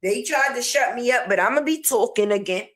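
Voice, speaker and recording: A woman's voice: fairly high pitch, expressive, fairly quick, a bit bright. A woman giving a sassy, slangy commentary rant, mocking and talking back to the person she discusses. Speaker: online commentator.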